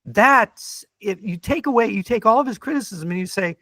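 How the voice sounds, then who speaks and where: A man's voice: high-pitched, animated, normal speed, a bit bright, no echo. A man who is a guest on a podcast, debating in a lecturing way and often checking in with "right?". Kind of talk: debate-style conversation.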